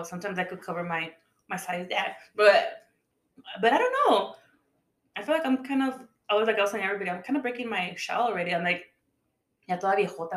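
A woman's voice: mid-range voice, fairly bright tone. A woman in casual podcast chat, telling stories in a chatty way and acting out the voices of people she quotes. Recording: echoey room.

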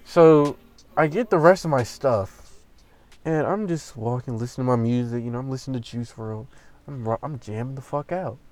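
A man's voice: mid-range voice, normal speed, a little mellow. A young man telling a story in a casual, profane, exasperated rant full of slang.

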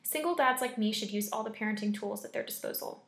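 A woman's voice: mid-range voice, fast talker, creaky. Woman reading a scary story. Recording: echoey room.

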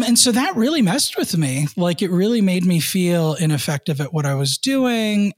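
A man in his thirties, co-hosting a podcast, telling a personal work story in an earnest way, with many fillers and soft laughs. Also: a little high, no room sound, studio quality. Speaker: podcast co-host.

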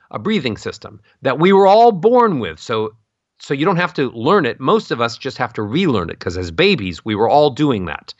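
A middle-aged man coaching on voice, talking expressively and swooping his pitch up and down to show melody. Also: fairly bright tone, dry recording, dull audio. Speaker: vocal coach. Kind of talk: expressive instructional talk with sung-like demonstrations.

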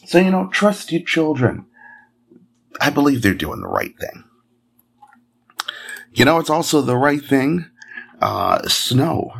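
Male news podcast host, casual and joking, lively swoopy delivery. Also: fairly high pitch, slow, vocal fry, pauses often, a little hiss or hum. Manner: jokey, chatty asides with fillers.

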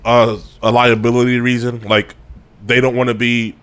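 A man's voice: medium pitch, level tone, normal speed, a bit bright, smooth. A man co-hosting a podcast, talking in easygoing slang during casual crude banter. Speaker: podcast co-host.

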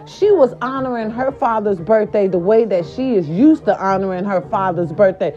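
A woman's voice: medium pitch, normal speed, few pauses, dark tone. A woman vlogger in a casual, profane rant, talking straight to her viewers and repeating herself for emphasis. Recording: dull lo-fi recording with faint music. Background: faint background music.

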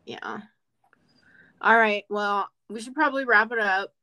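A woman co-hosting a podcast, trading jokes in loose, casual chat. Her voice sits at a middling pitch, and she laughs often as she teases. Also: measured pace, bright, forceful tone. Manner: playful, joking, laughs often. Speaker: podcast co-host.

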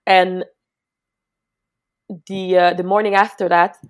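A young woman telling a personal story in casual chat, loose and profane, with many restarts, swinging from hushed to laughing loudly. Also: lowish voice, flat delivery, slow.

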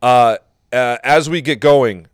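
A man's voice: medium pitch, slow pace, clear, resonant tone, no room sound. A man hosting a podcast, chatting loosely and with profanity in a casual interview. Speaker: podcast host.

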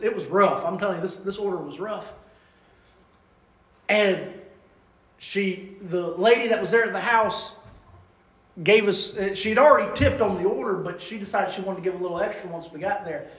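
A man preaching a sermon as an evangelist, fervent, rising to loud bursts and then dropping soft. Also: sits high. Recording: echoey room.

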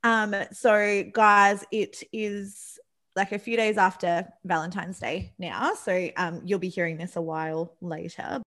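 A woman's voice: mid-range voice, fairly even intonation, unhurried, a bit bright. A young woman co-hosts a podcast, sounding upbeat and supportive as she reads out listener messages. She chats casually and calls her friend babe. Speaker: podcast co-host.

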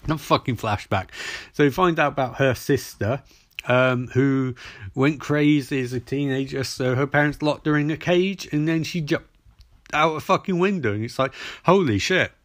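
A man's voice: mid-range voice, normal speed, no echo. Rambling, foul-mouthed man in a dry room. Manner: rambling, profane, loses track. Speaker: podcast host. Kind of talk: casual TV episode recap.

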